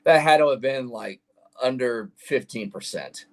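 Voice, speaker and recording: A man's voice: mid-range voice, measured pace. A man co-hosting a sports podcast, talking in a laid-back, slangy way. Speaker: sports podcast co-host and radio host. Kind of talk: casual sports talk.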